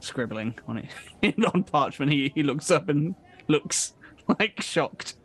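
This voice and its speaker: A man's voice: a little high, expressive, slow, husky. A man narrating an improvised tabletop game as dungeon master, describing scenes hesitantly with many fillers.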